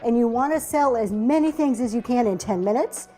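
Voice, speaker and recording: Soft music plays behind a woman whose voice is a little high, dark, and expressive, moving a bit fast. Hosting a livestream auction, she talks casually and enthuses over each vintage find, with frequent "um"s and "y'all"s.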